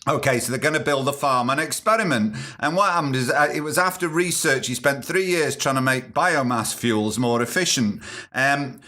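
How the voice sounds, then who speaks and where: Cheeky sarcastic British man, bright voice. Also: medium pitch, normal speed. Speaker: podcast host. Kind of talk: casual news commentary.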